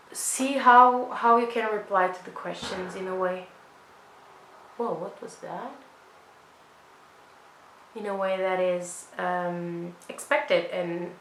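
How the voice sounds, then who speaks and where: A woman's voice: mid-range voice, pushed and bright, roomy sound, low-quality recording. A young woman vlogger talking casually as she does her makeup, rambling and poking fun at herself. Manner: chatty, self-mocking, rambling asides. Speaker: beauty vlogger. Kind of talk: casual makeup tutorial chat.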